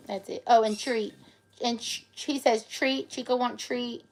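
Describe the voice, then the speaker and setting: A woman's voice: a little high, fairly even intonation, unhurried. A woman chatting on a live stream, playful and cooing at her pets in baby talk. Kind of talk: casual live-stream chat.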